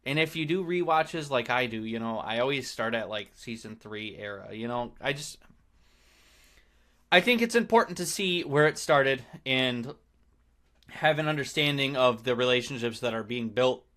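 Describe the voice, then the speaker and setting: Bright-voiced man, rambling podcast chat. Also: mid-range voice, lively intonation, moderate pace. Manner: rambling, trails off and restarts mid-thought. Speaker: podcast host. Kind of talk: casual chat.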